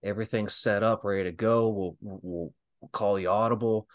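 A man in his thirties, a guest pro wrestler on a casual podcast, tells stories in an animated way, laughing often and swearing freely. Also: on the low side, moderate pace. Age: 30s.

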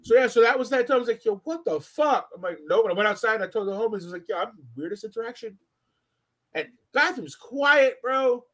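A man co-hosting a podcast, telling stories in casual chat, cursing often, slangy and animated. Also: very high-pitched, fast. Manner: profane, animated storytelling with slang. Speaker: podcast co-host.

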